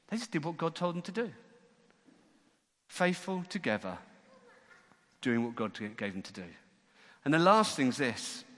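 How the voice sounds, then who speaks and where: Man, preaching, animated storyteller, bright voice, echoing church hall. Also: on the high side, moderate pace, pauses often. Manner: lively, acting out voices in Bible stories. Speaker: church leader. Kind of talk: sermon. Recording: long church-hall reverb.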